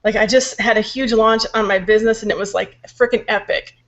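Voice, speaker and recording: Venting as a podcast co-host, this young woman has a sore throat and a mid-range, slightly bright voice that moves a little fast but stays steady. Frustration and fatigue come through, she curses when she gets angry, and the lo-fi audio sounds dull.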